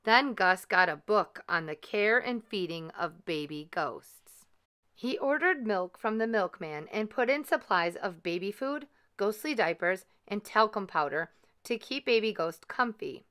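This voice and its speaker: A woman reads a children's picture book aloud in a gentle, expressive way. Her voice is bright and crisp, and she speaks kindly to young listeners. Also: medium pitch, a little slow. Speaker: storyteller.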